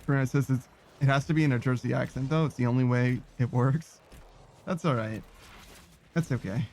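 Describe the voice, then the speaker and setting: A man's voice: medium pitch, brisk, darkish tone. A man giving let's-play commentary in a sardonic, profane, rambling way. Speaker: gaming streamer.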